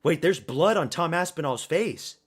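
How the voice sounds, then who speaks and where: A man streaming a watch party, giving excitable, profane live reactions to a fight and often repeating himself. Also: fairly high pitch, moderate pace, breathy edge.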